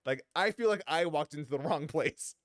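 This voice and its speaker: A man's voice: fairly high pitch, lively intonation, normal speed, no echo, clean studio sound. A man hosting a podcast, casually and animatedly retelling a video game story, laughing often and swearing casually. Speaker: podcast host.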